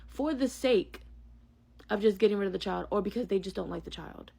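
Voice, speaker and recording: Blunt husky woman ranting. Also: medium pitch, fairly even intonation, a little fast, warm tone. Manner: blunt, heated, speaks her mind. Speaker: vlogger. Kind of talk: opinionated monologue to camera.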